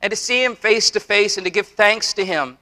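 Guy in his 40s preaching in church, highish bright voice, repeats himself a lot, chatty asides. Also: moderate pace. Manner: earnest preaching with repetitions and asides. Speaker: pastor. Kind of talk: sermon. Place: church before a congregation.

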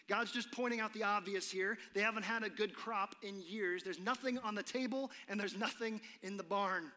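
Man, sermon, dramatic delivery, tense bright tone, reverberant hall. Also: sits high. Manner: dramatic, drops to a whisper for effect. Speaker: preacher. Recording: long reverb of a large hall.

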